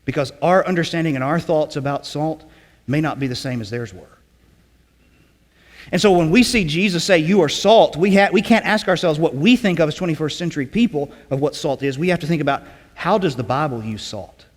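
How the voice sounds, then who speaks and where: A man preaching a sermon in a conversational teaching way, often checking in with "okay?" and clearing his throat. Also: on the high side, a little fast, big-room sound. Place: church sanctuary.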